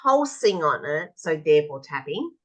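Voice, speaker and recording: A woman's voice: sits low, very animated, normal speed, fairly bright tone. A woman tapping practitioner, a podcast guest, telling stories animatedly and acting out children's replies in conversation. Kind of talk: conversational explanation.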